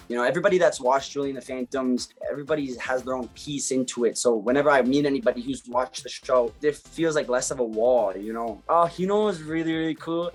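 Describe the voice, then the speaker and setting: Husky-voiced young man, chatty and animated. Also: on the high side. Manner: animated, chatty, lots of fillers and slang. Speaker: actor interviewed about his career. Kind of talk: casual interview chat. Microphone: video call.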